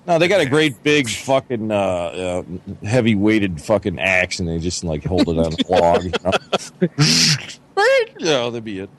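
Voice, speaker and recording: A man's voice: on the low side, lively intonation, unhurried, a bit bright. A middle-aged man telling a long, profane story in casual podcast chat, full of "you know". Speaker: podcast co-host.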